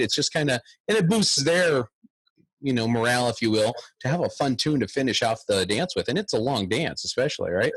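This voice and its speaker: A man's voice: mid-range voice, animated, a little fast, fairly bright tone, husky, no echo. A man in his thirties, a guest bagpiper, chatting animatedly in a podcast interview and humming tunes aloud.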